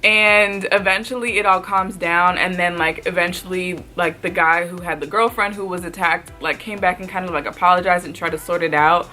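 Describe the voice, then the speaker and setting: A woman vlogger telling a storytime, chatty and excitable, with lots of "like" and her voice jumping up at surprising moments. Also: fairly low pitch, moderate pace, hardly any pauses, soft background music. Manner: chatty, fills speech with "like"; excitable, voice jumps up when retelling surprise. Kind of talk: storytime recounting.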